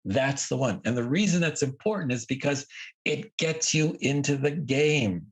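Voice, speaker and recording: A man's voice: medium pitch, lively intonation, moderate pace, husky. A man guest in an interview, talking in an earnest, reflective way and repeating words for emphasis. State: emotional. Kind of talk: casual conversation. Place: at home, by a lawn near the ocean.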